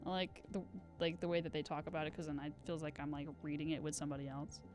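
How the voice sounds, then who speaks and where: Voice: mid-range voice, fairly even intonation, fast talker, over music. A live streamer in casual gaming stream chat, rambling and self-deprecating with giggly asides.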